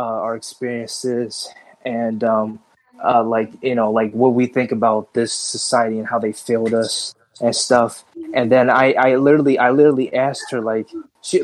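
A man from the Chicago area, a guest on a casual talk show, sounding drained and speaking haltingly with many fillers and restarts. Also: medium pitch, darkish tone, no echo, poor audio. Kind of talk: casual conversation.

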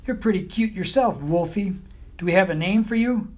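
A man's voice: high-pitched, moderate pace, a little mellow, voice pushed up, lightly acted. A man voicing a glamorous, flirtatious female beagle with a sultry, coy manner in an audiobook. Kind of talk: audiobook character voice.

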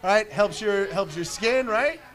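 A man's voice: sits high, expressive, normal speed, a bit bright. A man hosting a rowdy live show, teasing his guests with crude jokes and frequent laughter. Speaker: show host. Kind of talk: bantering live show chat.

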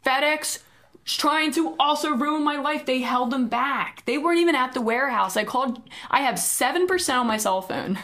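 A woman's voice: high voice, moderate pace. A woman co-hosting a podcast, telling a hectic story in casual chat and acting out what people said. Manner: animated storytelling, acting out quoted dialogue. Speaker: podcast co-host.

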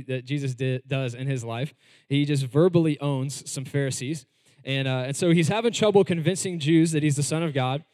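A man with a fairly high voice preaches a sermon in a casual, talky way, slowing down to stress key words. His voice is close and dry on the mic, but a long hall reverb trails behind it. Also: a little mellow. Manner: conversational preaching with varied emphasis and slow stresses. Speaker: pastor.

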